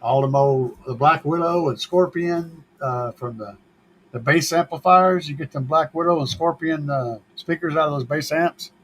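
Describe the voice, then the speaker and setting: A man's voice: a little high, normal speed, a bit bright, slight background noise, poor audio. A man hosting a car audio show, chatting casually and answering viewer questions in a laid-back, joking manner and swearing freely.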